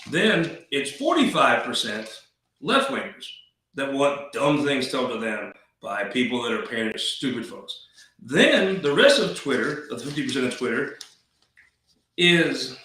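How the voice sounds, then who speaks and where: A man's voice: a little high, bright, forceful tone, heavy reverb, distant mic, poor audio. A man hosting a political talk show, rambling in a folksy, wisecracking way. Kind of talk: casual political commentary.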